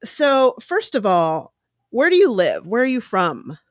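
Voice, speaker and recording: A woman hosting an interview podcast, bubbly and excitable, laughing often as she chats with her guest. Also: on the high side, measured pace, no room sound, clean studio sound. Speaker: podcast host. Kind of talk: upbeat interview chat.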